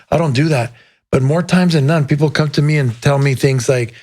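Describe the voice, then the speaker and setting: A man's voice: on the high side, fast talker, darkish tone. A man co-hosting a faith-based podcast, speaking in an earnest, casual way and often repeating himself. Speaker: podcast co-host. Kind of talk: casual chat.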